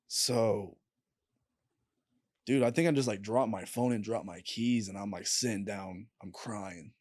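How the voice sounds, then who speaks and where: A young man, a podcast guest, telling a painful personal story in a candid, halting way and swearing freely. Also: lowish voice, a little mellow, no echo, clean studio sound. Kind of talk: casual storytelling.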